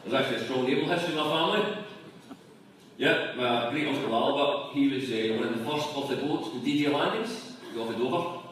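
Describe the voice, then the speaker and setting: A man giving a deadpan, joke-filled after-dinner speech. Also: medium pitch, a little fast, noisy background. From Scotland. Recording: echoey room from far off. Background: audience laughter.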